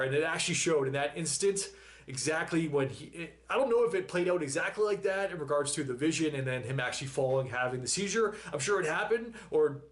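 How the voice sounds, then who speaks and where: Emotional man rambling in casual chat. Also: on the high side. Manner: emotional, rambling, sighs and laughs often. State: emotional after crying. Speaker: reaction video host.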